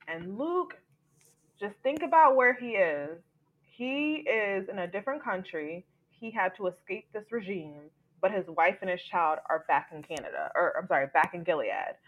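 A woman podcast host with a mid-range voice at normal speed animatedly recaps a TV episode, acting out the characters' lines, on lo-fi audio.

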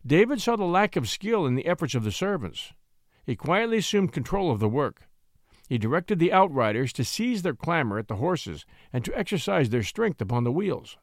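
Expressive male storyteller, dry sound. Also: fairly high pitch, normal speed, no room sound. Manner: expressive reading. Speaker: audiobook narrator. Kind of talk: scripted storybook narration.

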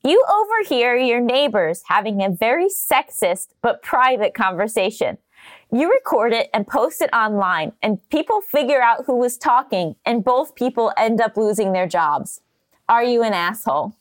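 A woman co-hosting a podcast, playful and quick to laugh as she reads game prompts. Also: on the high side, very animated. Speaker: podcast co-host. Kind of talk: casual podcast chat, reading game prompts.

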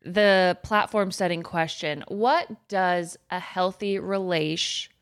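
A woman's voice: on the low side, fairly even intonation, slow pace, clean tone. A woman co-hosting a podcast, chatting casually in a bubbly, enthusiastic way. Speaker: podcast co-host.

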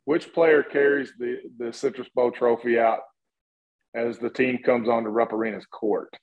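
A man hosting a casual sports podcast, asking quick upbeat questions. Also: mid-range voice, steady tone, phone-quality sound. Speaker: podcast host.

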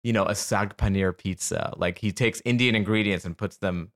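A man's voice: on the low side, normal speed, a bit bright. Enthusiastic, swearing young man co-host. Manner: enthusiastic, profane, joking. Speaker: podcast co-host. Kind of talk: casual chat.

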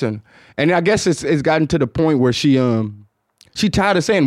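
A man with a Detroit accent hosting a casual podcast, talking in a low, mumbled, rambling way with lots of fillers and swearing. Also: expressive, fast, no echo. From Detroit, United States. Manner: low-toned, mumbled, hard-to-follow delivery; loose, profane, rambling with many fillers. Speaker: podcast host. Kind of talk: casual chat.

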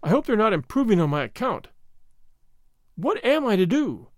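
Storybook figure: exasperated male war correspondent, excitable outbursts, animated pitch, read by a man. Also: normal speed, no echo, studio quality. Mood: anxious.

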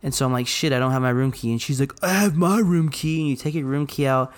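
A man's voice: medium pitch, racing, clear, resonant tone. Man from Arizona telling a wild story. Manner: animated retelling with lots of quoted dialogue and swearing. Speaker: podcast co-host. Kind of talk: casual storytelling chat.

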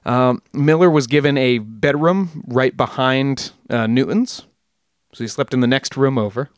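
A man hosts a casual storytelling podcast, his voice sitting in an ordinary middle pitch. He rambles, corrects himself and drops jokey asides. The sound is dry and close to the mic. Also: a little slow, dry recording. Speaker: podcast host.

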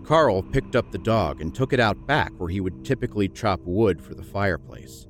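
A man reads a dark horror story aloud in a low, measured, grim manner. His voice sits very deep. Faint music plays beneath the narration. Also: animated.

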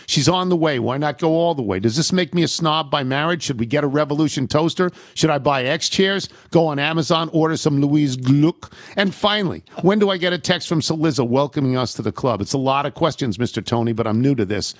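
A man's voice: a little high, quick pace, hardly any pauses, dry recording. A man hosting a radio show, reading listener emails aloud with a wry, amused delivery and the odd laugh. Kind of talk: reading listener mail aloud with dry humor.

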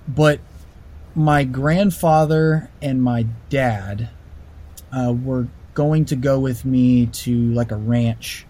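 A man telling a personal story casually, animated and full of fillers and restarts. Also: medium pitch.

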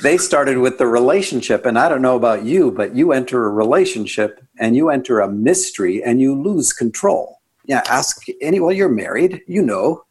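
Man, husky voice, reflective and earnest, podcast guest, sudden jumps in pitch for emphasis. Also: animated, normal speed, darkish tone. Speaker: author and guest. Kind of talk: conversational podcast interview.

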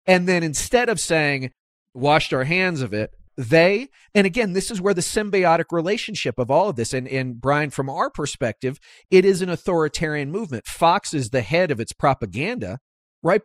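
A man hosting a political talk podcast, speaking emphatically and climbing in pitch as he drives his points home. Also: normal speed, no echo, clean studio sound. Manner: animated, emphatic, rises sharply when making points. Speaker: podcast host. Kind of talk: conversational political interview.

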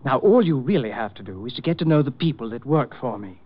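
A man's voice: medium pitch, animated, fast talker, natural voice. An actor playing a polished male fashion designer who speaks in a courteous, businesslike way, in 1940s radio acting. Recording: dull old 1940s radio recording.

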